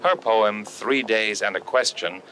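A man narrating a documentary in a calm, even, scripted delivery. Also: on the low side, a little slow, slight background noise, poor audio.

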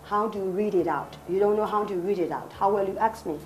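A woman's voice: medium pitch, brisk, roomy sound, slight background noise, poor audio. Woman teacher drilling classroom English. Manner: drills phrases and praises answers.

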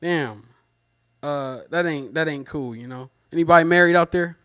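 A man's voice: a little high, normal speed, a bit bright. A man doing a stand-up comedy set, talking in loose slang, repeating lines and trailing off.

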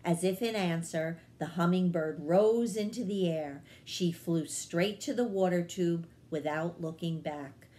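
A woman reading a children's chapter book aloud as a librarian, in a gentle storytelling manner. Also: on the low side, unhurried, hardly any pauses.

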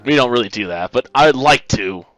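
A man with a bright, forward voice hosting a let's play. He comments casually and makes sarcastic jokes about the story as he goes. Faint game music plays underneath. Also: medium pitch, lively intonation, normal speed. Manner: joking, sarcastic asides.

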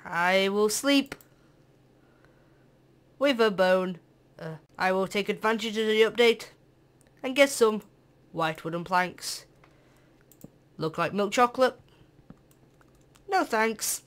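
A British teenager giving jokey let's-play gameplay commentary, excitable, breaking into sing-song bits and sudden shouts. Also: medium pitch, takes it slowly, pauses often, clean tone. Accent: British English. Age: teens. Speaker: gameplay channel host.

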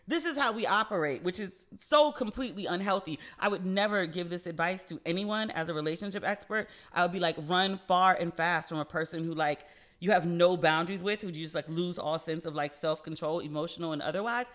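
A woman's voice: lowish voice, brisk, a bit bright. Woman podcaster rambling casually, swears a lot, says like constantly. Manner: chatty, candid, swears freely, lots of "like". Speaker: podcast host. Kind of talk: casual solo podcast chat.

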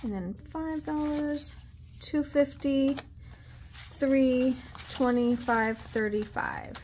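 A woman's voice: high voice, slow pace, darkish tone, slight background noise. A woman vlogging at her desk at home, chatting casually while counting cash aloud under her breath with little asides. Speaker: budgeting vlogger.

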